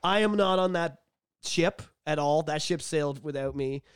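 A man's voice: on the high side, normal speed, clear, resonant tone, dry recording, studio quality. A young man co-hosting a podcast in casual chat, crude and teasing, laughing often. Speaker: podcast co-host.

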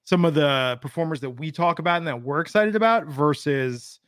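Bright, dry-sounding male podcast host. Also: fairly high pitch, moderate pace, no echo. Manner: rambling, thinks aloud with fillers. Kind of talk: casual wrestling podcast chat.

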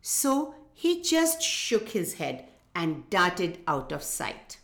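Slow, lively woman reading a children's story. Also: fairly low pitch, vocal fry. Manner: gentle, addresses children directly. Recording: echoey room.

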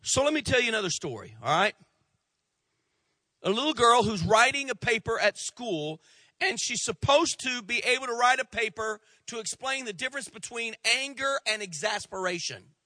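Animated male pastor, high and bright, storytelling sermon. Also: moderate pace, no echo.

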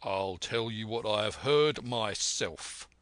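A man voicing a stern, blunt sea captain who talks in a measured, firm way in a storybook reading. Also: fairly low pitch, a bit bright, no room sound.

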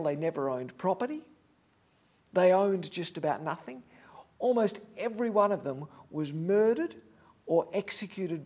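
A man with a high, light voice delivers a sermon. He preaches earnestly and with emphasis, leaning on repeated phrases to drive each point home. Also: husky.

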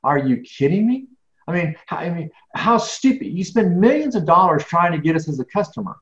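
A man's voice: a little high, big pitch swings, a little fast, fairly bright tone. Emphatic middle-aged man, echoey lo-fi line. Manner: emphatic, many restarts and repeats. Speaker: guest speaker. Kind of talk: conversational interview. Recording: echoey, dull lo-fi sound.

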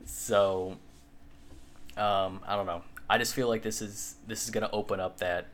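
A man's voice: on the low side, fairly even intonation, measured pace, fairly bright tone, slight background noise. A man co-hosting a podcast in casual chat, rambling with lots of fillers and the odd swear. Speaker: podcast co-host.

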